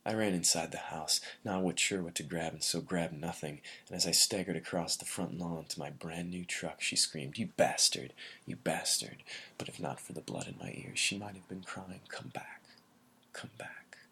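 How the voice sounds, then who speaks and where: A man reading a first-person literary story in a measured way, often sinking to a breathy near-whisper. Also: sits low, bright, forceful tone. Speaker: narrator.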